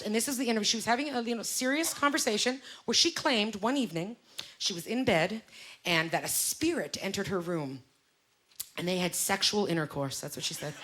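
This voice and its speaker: A woman from Canada in her thirties performing a stand-up comedy set on a club stage, loud and animated, exclaiming at the crowd. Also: mid-range voice. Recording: live stage recording with audience noise.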